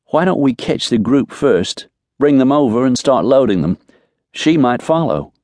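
A man's voice: big pitch swings, a little slow, darkish tone, dry recording, studio quality. A man voicing a tall, slender young woman who speaks in a lifted, questioning voice. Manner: lifted pitch, direct and questioning.

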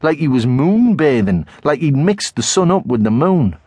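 An audiobook narrator voicing a cheeky, excitable teenage boy with a Tyneside accent, gossiping and exaggerating. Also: a little high, normal speed, husky, no room sound, clean studio sound, pitched above the performer's own voice. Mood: gleeful gossip. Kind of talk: audiobook character voice.

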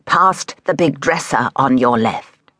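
A woman's voice: rumbling low, expressive, takes it slowly, a bit bright, dry recording, clean studio sound, full character voice. Woman putting on an old blind shopkeeper. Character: old blind male shopkeeper, gruff and mysterious.

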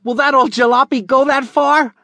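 A man voicing an excitable, eager teenage boy sidekick in an audiobook, in a high, gushing boyish voice. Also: normal speed, no room sound, full character voice. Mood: excited.

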